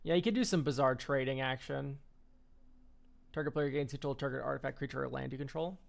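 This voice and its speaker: A man's voice: mid-range voice, fast talker, vocal fry. A man streaming a casual card-game deck review, rambling and offhand, swearing and laughing easily.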